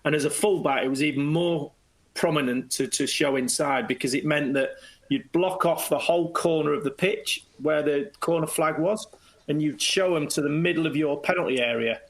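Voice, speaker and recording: Lively, storytelling man, slightly high voice. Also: normal speed, low-quality recording. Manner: lively, jumps into quoted voices while telling stories. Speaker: guest, former footballer. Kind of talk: anecdotal storytelling.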